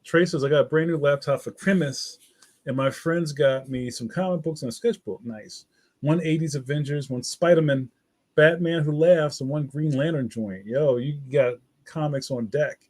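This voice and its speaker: A middle-aged man hosting a casual livestream chat, talking to viewers in a relaxed, slangy way and reading their comments aloud. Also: a little high, moderate pace. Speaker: livestream host.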